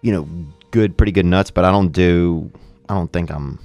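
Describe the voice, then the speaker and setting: A man's voice: low voice, normal speed, a little mellow, no echo, soft background music. A man in casual comedic banter, laughing and agreeing often.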